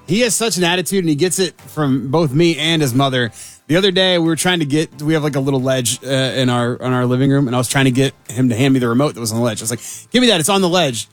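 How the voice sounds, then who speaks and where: A man's voice: medium pitch, fast talker, faint music behind. A man, a father of small kids, sharing an amused story in casual radio chat. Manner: amused, laughing. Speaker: radio co-host.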